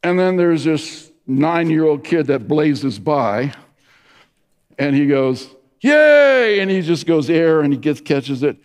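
A man's voice: fairly high pitch, slow, darkish tone. Man preaching, middle-aged, anecdotal sermon with stumbles and restarts, long hall reverb. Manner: storytelling with many restarts and fillers. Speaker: pastor.

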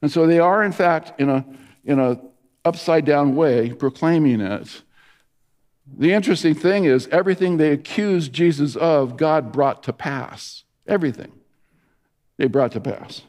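A man's voice: fairly high pitch, moderate pace, darkish tone. A middle-aged male pastor giving a sermon, telling stories with many restarts and fillers. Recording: long reverb of a large hall.

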